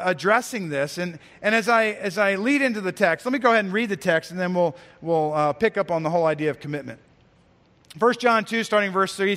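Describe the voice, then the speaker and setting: Guy pastor with a high voice, musing sermon, lots of restarts, long echoey church tail. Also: a bit bright. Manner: musing, repeats words, reads scripture slowly.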